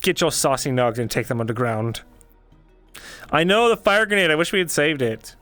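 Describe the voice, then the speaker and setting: A man's voice: a little high, moderate pace, a bit bright, no echo, faint music behind. A man streamer casually signing off his roleplay stream, joking, laughing and thanking his chat.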